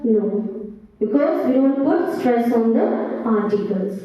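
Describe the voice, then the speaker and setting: A woman's voice: sits high, lively intonation. A woman teaching English pronunciation who explains step by step and keeps checking in with tag questions. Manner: explains slowly, adds frequent tag questions. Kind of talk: teacher training talk. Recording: very echoey, distant, dull sound.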